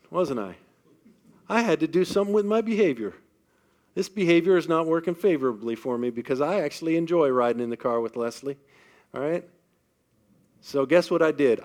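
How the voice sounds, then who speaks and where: Here a middle-aged man delivers a sermon as pastor, his voice a little high. He tells stories from his own life, dropping to quiet, hushed tones before rising to loud emphasis.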